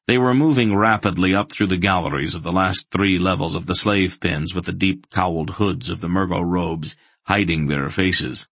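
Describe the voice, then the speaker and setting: A man reading a fantasy audiobook in steady, measured scripted narration. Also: deep voice, no echo.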